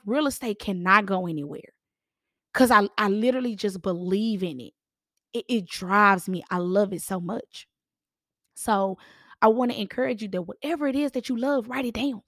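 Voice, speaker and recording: A hoarse woman in her thirties with a raspy voice, hosting a casual podcast and chatting to listeners as y'all. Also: medium pitch, fairly bright tone, dry recording, studio quality. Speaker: podcast host, realtor.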